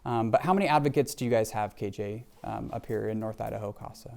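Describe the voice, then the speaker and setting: A man's voice: on the low side, quick pace, creaky, darkish tone. A middle-aged man giving a heartfelt live leadership talk to an audience at an event venue, often adding "right?" asides. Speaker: leadership speaker.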